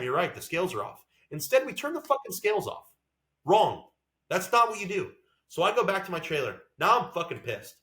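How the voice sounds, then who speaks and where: A man vents on a podcast in an angry, swear-laden rant, his somewhat high voice leaping up and down as he talks. The sound bounces around a roomy space. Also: a bit bright. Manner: heated, profane rant. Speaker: podcast co-host and racing driver. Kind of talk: casual podcast chat.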